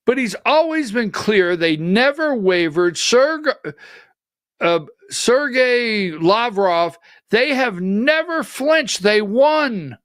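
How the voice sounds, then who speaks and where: Male political commentary host, high pitched, deliberate and combative delivery, dry close mic. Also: a bit bright, no echo. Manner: combative, rhetorical, emphatic. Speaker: political talk show host.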